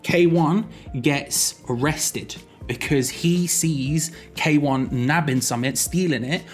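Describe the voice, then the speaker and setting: A man's voice: fairly high pitch, slow, soft background music. A young man giving a jokey, rambling explainer vlog, often correcting himself mid-sentence. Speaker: YouTuber.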